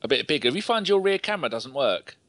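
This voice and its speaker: A man's voice: medium pitch, quick pace, dry recording. A man hosting a casual football podcast call, swearing, laughing and telling stories. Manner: sweary, laughing, animated storyteller. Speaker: podcast host.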